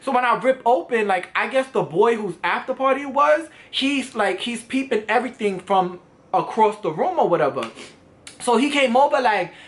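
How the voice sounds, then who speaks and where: A man's voice: very high voice, lively intonation, normal speed, a bit bright. A young man in his twenties telling a dramatic, profane story to camera, acting out the other people in it. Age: 20s. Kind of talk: casual storytime. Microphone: camera vlog setup.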